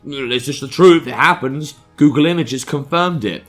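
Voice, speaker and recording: Guy doing a visual novel playthrough, sarcastic crude jokes, bright tense voice, faint music. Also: mid-range voice, moderate pace. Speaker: let's play host. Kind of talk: reading a visual novel aloud with jokey asides.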